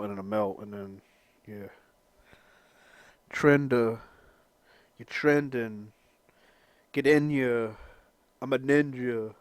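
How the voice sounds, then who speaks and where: Male vlogger, mid-pitched, rambling and crude, jokey throughout. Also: no room sound. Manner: profane, joking, rambling. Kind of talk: casual rambling vlog talk.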